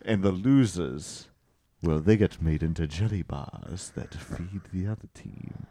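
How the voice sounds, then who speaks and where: A man performing an improvised comedy scene in a pompous, drawn-out manner. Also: low voice, dark tone, slight background noise.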